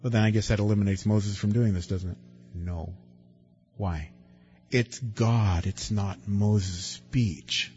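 A husky-voiced man preaches a sermon in a conversational, questioning way. He swings from loud emphatic stretches to quiet, dropped asides. The recording sounds dull and lo-fi, with faint music underneath. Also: fairly low pitch, steady tone, slow pace. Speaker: pastor.

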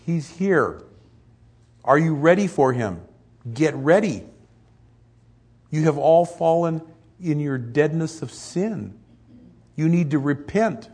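A male preacher voicing a fiery male prophet, loud and urgent as he calls people to repent. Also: fairly high pitch, expressive, slow, pauses often, breathy edge, pitched above the performer's own voice, full character voice.

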